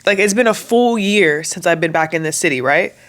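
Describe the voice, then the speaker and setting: A woman's voice: fairly low pitch, a little fast, fairly bright tone. A young woman talking candidly to camera in a vlog, emotional and chatty, her voice close to cracking. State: voice cracking, near tears. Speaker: vlogger. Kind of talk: casual talk to camera.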